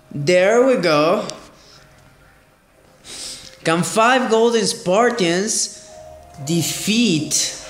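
Lively, excitable man in an echoey room. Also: a little high. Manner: exclamatory, repeats phrases, frequent "oh my gosh". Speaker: gaming channel host. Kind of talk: excitable mobile game commentary.

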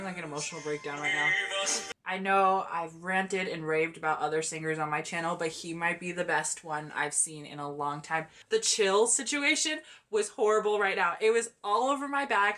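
A woman gushing in breathless exclamations while reacting to a video. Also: medium pitch. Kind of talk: reaction vlog commentary.

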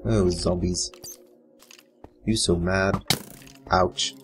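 Narrating his live gameplay, a man mutters along and swears in an offhand way. He has a deep voice with a steady tone and drawn-out words, while music plays in the background and a computer fan faintly whines.

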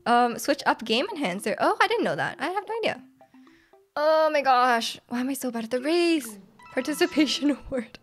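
A woman streaming a video game live, excitable and quick to laugh, reacting to her play and reading chat aloud. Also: high voice, soft background music.

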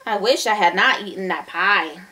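A woman's voice: mid-range voice, normal speed, pushed and bright, voice pushed down, close to an everyday voice. A woman voicing a timid younger sister in a storybook, meek and pleading.

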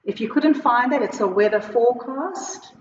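A South African woman teacher giving a slow, clear lesson, switching between Afrikaans and English as she explains words and a short poem. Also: a little high, a little hiss or hum. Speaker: primary school teacher. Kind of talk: recorded online Afrikaans lesson. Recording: echoey, muffled home video recording.

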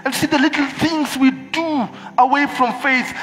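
A man preaches to a congregation, animated and quick to act out the people he quotes. His voice sits very high for a man. It carries through a reverberant church hall over soft background music. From Kenya. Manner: animated, switches into Swahili, acts out quoted voices. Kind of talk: sermon.

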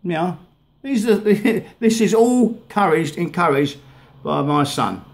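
A vlogger ranting angrily while playing clips of videos, swearing heavily and stumbling over repeated words. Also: male voice, high voice, expressive, creaky. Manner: swears heavily, halting and repetitive. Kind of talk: angry rant over played videos.

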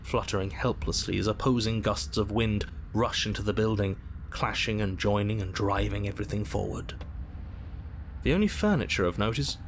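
A man voicing the narrator and inner voices of a horror game, telling the scene in measured tones and slipping into anxious, bickering asides. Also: fairly low pitch, a little hiss or hum, close to an everyday voice. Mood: ominous, measured. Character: calm, wry male narrator of a horror game.

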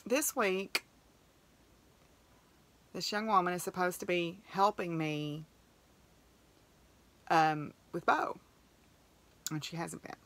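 A woman's voice: mid-range voice, a bit bright. A woman hosting a podcast, telling a story in a chatty, emotional way and acting out what people said. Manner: chatty, emotional, acts out quoted dialogue. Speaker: podcast host. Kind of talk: casual storytelling monologue.

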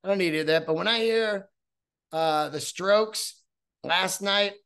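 A man hosting a solo podcast episode, talking in a profane, rambling, animated way. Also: high voice, unhurried, smooth. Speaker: podcast host.

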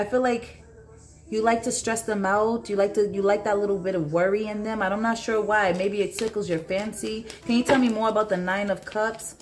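Blunt, swearing woman tarot reader. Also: medium pitch. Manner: blunt and profane, talks straight to the viewer; halting, repeats herself, asks aloud for cards. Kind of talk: solo tarot reading.

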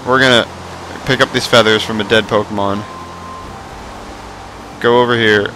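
A young man commentating a Minecraft Pokemon mod let's play, excitable, swearing and shouting at the game. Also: fairly low pitch, normal speed, a little hiss or hum, low-quality recording. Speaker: gaming YouTuber.

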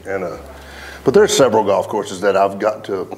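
A man's voice: fairly low pitch, moderate pace, slight background noise. A man telling loose, laughing stories and swearing freely as a guest, chatting casually while playing golf outdoors. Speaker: country singer, interview guest. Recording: faint music under the talk.

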